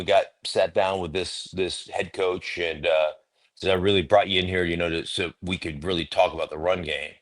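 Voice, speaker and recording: A middle-aged man with a very low voice, a former player holding forth as an interview guest. He is emphatic and opinionated, and he acts out the voices of people he has argued with. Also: fairly bright tone. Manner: emphatic, opinionated storyteller who acts out quotes. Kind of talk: casual interview talk.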